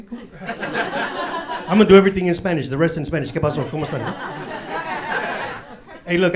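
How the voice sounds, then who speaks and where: A man works a comedy club stage, swearing freely and spinning streetwise stories in heavy slang. A loud crowd laughs all around him on the live club recording. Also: on the high side. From Chicago, USA. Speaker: stand-up comedian. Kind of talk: stand-up comedy set. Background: audience laughing.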